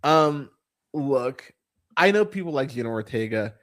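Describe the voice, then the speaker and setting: A man hosting a podcast, ranting in casual chat about bad films, swearing, laughing and jumping up in pitch when exasperated. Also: measured pace. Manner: exasperated, profane, laughs often, animated pitch jumps. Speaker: podcast host. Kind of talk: casual ranting film review.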